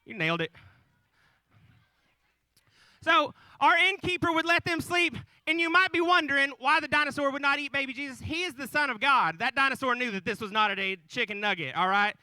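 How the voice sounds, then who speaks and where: A man's voice: extremely high pitch, lively intonation, quick pace, few pauses, sharp tone, dry recording, low-quality recording. A man in his thirties telling a folksy, joking nativity story to a live audience, with asides to the crowd. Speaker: storyteller on stage. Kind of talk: comic live retelling of the nativity.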